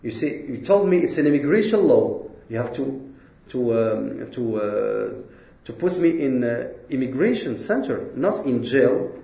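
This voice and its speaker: A man with a warm, mellow voice tells his own story in earnest, halting English that is not his first language, often breaking off and restarting his sentences. The sound carries a roomy echo and is a little dull. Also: mid-range voice, very animated, gravelly. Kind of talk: personal storytelling talk.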